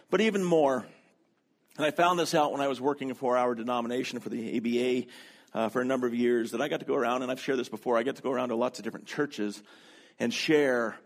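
Chatty, self-deprecating male pastor. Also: mid-range voice. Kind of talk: sermon. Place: church sanctuary. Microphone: handheld microphone.

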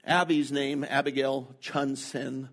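Slow, storytelling middle-aged male pastor. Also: medium pitch, steady tone, a bit bright. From North America. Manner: slow, deliberate, anecdotal delivery. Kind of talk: sermon storytelling.

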